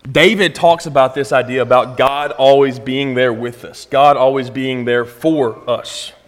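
A man's voice: medium pitch, steady tone, measured pace. A man preaching a sermon in a casual, conversational way, often checking in with the congregation. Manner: conversational, asks the congregation "right?". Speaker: pastor. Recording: long reverb in a hall.

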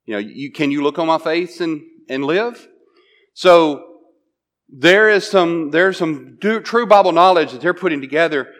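A man's voice: fairly high pitch, animated, a little slow, a bit bright. A man preaching a sermon, retelling a Bible story in a conversational way, often checking in with "right?" and restarting his phrases.

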